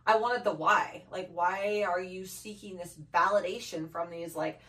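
A young woman co-hosting a casual podcast, talking emphatically and animatedly, with many fillers, and swinging between quiet and loud. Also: fairly low pitch, steady tone, unhurried. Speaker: podcast co-host. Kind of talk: casual personal chat. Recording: roomy echo, from far off the mic.

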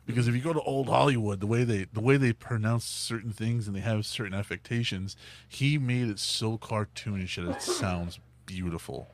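A man's voice: on the low side, normal speed, no echo. A man in casual chat who talks eagerly and restarts a lot, repeating words and using fillers.

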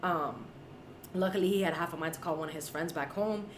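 A young woman with a lowish voice co-hosts a podcast, speaking a little fast as she tells a story in casual chat and animatedly acts out the voices of its characters. The room is echoey, with faint noise.

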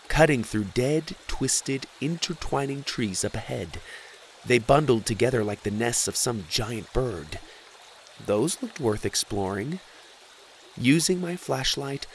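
A man narrating a first-person adventure story in a dramatic voice that often drops into a hushed whisper. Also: medium pitch, slight background noise.

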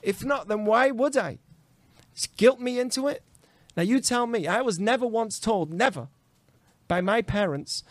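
A man, a rabbi, giving an animated podcast talk full of rhetorical questions. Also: high voice, normal speed, no echo. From grew up in a committed Jewish home.

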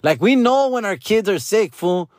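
A man's voice: high-pitched, animated, moderate pace, dry recording, studio quality. A young man rants in a profane, exasperated stand-up style. He is full of slang and constant swearing. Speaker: comedian. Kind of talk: profane Spanglish stand-up rant.

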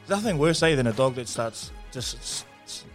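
A man with a New Zealand accent co-hosting a podcast, telling stories in a laughing, animated way. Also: mid-range voice, normal speed, soft background music. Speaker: podcast co-host. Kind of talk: casual chat.

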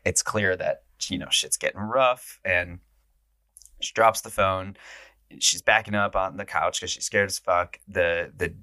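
A man's voice: sits low, unhurried, no echo, clean studio sound. A man casually recapping a horror film on his podcast, acting out the characters' lines. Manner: animated, acts out quotes in raised voices. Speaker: podcast host.

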